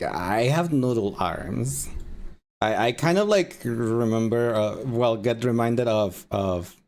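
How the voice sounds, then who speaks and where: A man streaming a game, chatting casually with viewers and rambling with halting pauses. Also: medium pitch, darkish tone. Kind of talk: casual live-stream chat.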